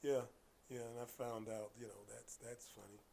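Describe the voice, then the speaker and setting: A guest who coaches martial arts tells casual stories in a creaky, medium-pitched voice at a moderate pace, with slight hiss or hum in the audio. Animated, he imitates the characters and sometimes drops into whispers.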